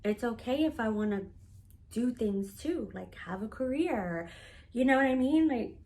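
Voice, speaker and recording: Her voice sits on the high side, mellow, with lively intonation and a moderate pace. This thirty-something vlogger talks to camera about a family conflict with candor, bringing the quoted lines to life as she performs them.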